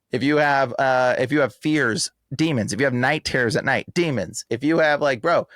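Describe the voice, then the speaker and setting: A man talking in a casual podcast interview, emphatic and animated, full of slang like "bro" and "like". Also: mid-range voice, dry recording, clean studio sound. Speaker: exorcist guest.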